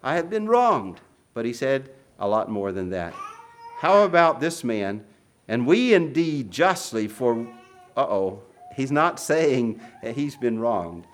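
A man preaching a sermon, reading scripture aloud in dramatic, rising bursts and dropping to quiet asides between passages. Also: medium pitch, sing-song, slow pace, slight background noise.

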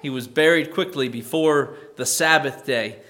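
A man preaching a sermon to his church in a conversational, musing way, restarting phrases and rising in pitch and volume on key points. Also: normal speed, a bit bright. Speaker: pastor.

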